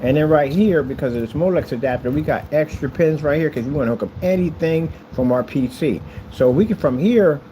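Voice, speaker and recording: A man's voice: fairly high pitch, brisk, few pauses, mellow, a little hiss or hum, rough recording. A man casually walking through his custom PC wiring, chatty and boastful, with playful asides. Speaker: maker showing a custom PC build. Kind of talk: casual tutorial vlog.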